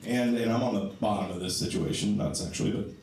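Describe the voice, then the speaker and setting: A man doing a stand-up comedy set on a club stage, self-mocking and animated, acting out the people he quotes. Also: on the low side, fairly quick. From Ohio. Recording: echoey club, distant mic, crowd noise.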